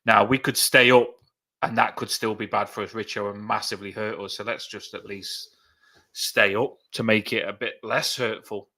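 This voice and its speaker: A man's voice: lowish voice, fairly even intonation, moderate pace, pushed and bright. A man, co-hosting a live fan show and telling stories in a chatty, laughing way. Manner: chatty storyteller, laughs often. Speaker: fan channel co-host. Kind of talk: casual live chat.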